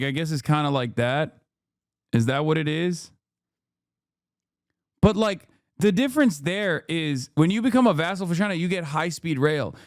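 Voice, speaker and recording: A man's voice: high-pitched, no echo, clean studio sound. A man in his thirties giving live-stream reaction commentary, ranting in a profane, incredulous way with sarcastic asides. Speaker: streamer reacting to clips and chat.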